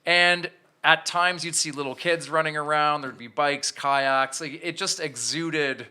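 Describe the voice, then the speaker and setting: Man in his thirties, podcast guest, candid storytelling, bright tone, crisp voice. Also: fairly high pitch, steady tone, unhurried. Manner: candid, self-reflective, with frequent restarts. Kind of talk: storytelling in an interview.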